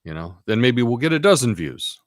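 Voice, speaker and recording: A man's voice: mid-range voice, very animated, a little fast, no echo, studio quality. A man hosting a casual live stream, rambling in an offhand way and reading out chat comments.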